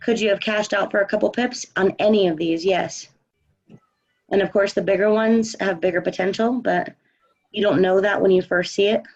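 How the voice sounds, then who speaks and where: Woman trading coach, mid pitch, assured and chatty, on muffled lo-fi stream audio. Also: steady tone, moderate pace, darkish tone. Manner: confident, chatty, many fillers. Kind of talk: casual live Q&A chat.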